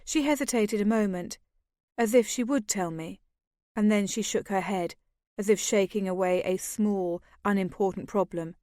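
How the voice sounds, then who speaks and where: A woman narrating an audiobook at a middle pitch, with a measured storytelling manner. The recording is dry and close, with no room sound. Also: dark tone, no room sound. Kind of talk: scripted narration.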